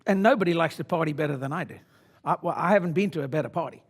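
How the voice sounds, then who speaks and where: A brash older man in his sixties works a seminar room, his voice sitting high for a man. He swings between muttered low asides and loud, pitched-up rallying. A speaker in a conference room before an audience. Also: racing, breathy edge. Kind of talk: motivational seminar talk.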